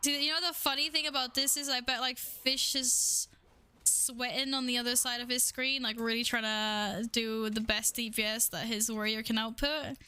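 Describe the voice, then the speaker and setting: A woman's voice: on the high side, fairly even intonation, moderate pace, sharp tone, smooth. A young woman streaming a game, chatting casually with her viewers, playful, swearing freely and laughing often. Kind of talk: casual live-stream chat.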